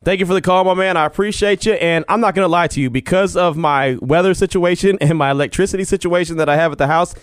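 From his home studio, a podcast host from Texas runs a casual sports talk monologue at a quick pace with hardly any pauses. His voice is high, and he is earnest, restarts frequently and laughs readily. The studio-quality audio has no echo.

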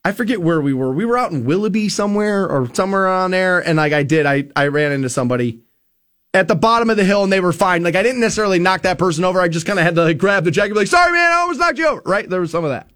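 A man hosting a radio show, telling a story casually and acting out quotes in loud bursts. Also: high voice, racing.

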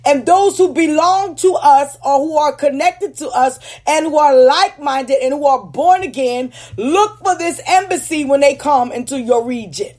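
Woman, high voice, preacher, teaching sermon, emphatic, deliberate stresses. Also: darkish tone. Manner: emphatic, checks in with "Okay?"; slows down to stress key words. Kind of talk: teaching sermon with scripture readings.

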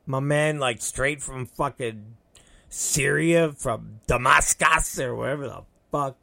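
A man's voice: medium pitch, takes it slowly, creaky, pushed and bright, no echo. A middle-aged man rambling through a casual anecdote, swearing freely and acting out what people said. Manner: rambling, swears a lot, acts out quotes. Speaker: storyteller.

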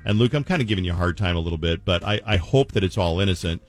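Male radio host, low voice, animated chatty delivery, faint music bed. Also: racing. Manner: animated, incredulous, recaps the caller's story. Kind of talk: casual radio chat.

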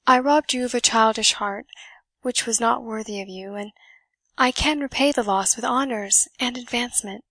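A woman's voice: on the high side, normal speed, fairly bright tone, no room sound. A woman voicing a proud young noblewoman, imperious and defiant. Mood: pleading.

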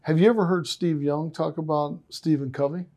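An eager male interviewer with a fairly high but mellow voice. He gushes with praise and spins long anecdotes in a relaxed conversational flow. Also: moderate pace. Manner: enthusiastic, animated storyteller. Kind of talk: casual conversation.

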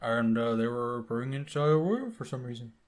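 A man's voice: medium pitch, animated, fast, close to an everyday voice. A man voicing a folksy old sailor with a thick Upper Midwest accent and an exaggerated drawl. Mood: slow.

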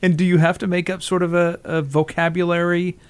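A man's voice: high voice, flat delivery, fairly quick, smooth. A man hosting an interview, asking curious questions and giving short encouraging replies. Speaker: interview host. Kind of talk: interview conversation.

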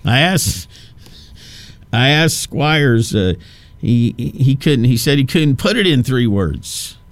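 A man's voice: mid-range voice, lively intonation, slow pace. A man in his fifties hosting a talk radio show, rambling through a casual monologue with many restarts and asides. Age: 50s.

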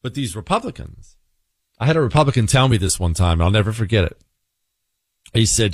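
A man hosting a political commentary monologue, telling an animated story and acting out characters. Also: lowish voice, fast, no room sound, studio quality. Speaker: political talk show host.

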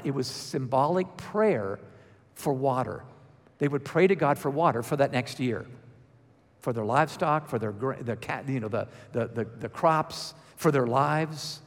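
A man preaching a sermon with a somewhat higher voice that carries a long reverberant tail. He teaches in a conversational way and then pushes into emphatic, raised passages.

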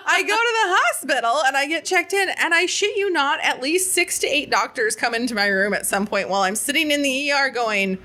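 A young woman casually telling a story, animated and swearing freely, acting out quoted lines as she laughs. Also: sits high, brisk, few pauses.

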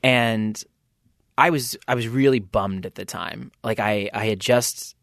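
A man's voice: on the low side, unhurried, gravelly, a bit bright, dry recording. A man, a band's lead singer, telling rambling anecdotes as a podcast guest and acting out the people he quotes. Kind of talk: casual interview storytelling.

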